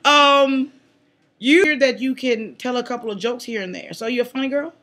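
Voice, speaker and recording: A woman's voice: high-pitched, moderate pace, a bit bright. A woman reporter playfully interviewing contestants, bubbly and teasing, laughing often. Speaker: contest entrant and field reporter.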